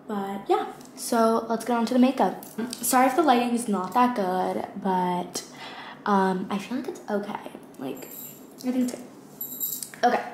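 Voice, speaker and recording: A young woman chatting casually through her makeup routine as a beauty vlogger, rambling with lots of fillers. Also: medium pitch. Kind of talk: casual get-ready-with-me chat. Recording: echoey room with faint ambient noise.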